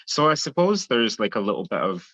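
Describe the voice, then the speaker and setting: Bright-voiced Scottish man, dry lo-fi sound. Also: mid-range voice, very animated, brisk, no echo. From Scotland. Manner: easygoing, chatty, laughs lightly. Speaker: guest. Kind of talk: casual interview chat.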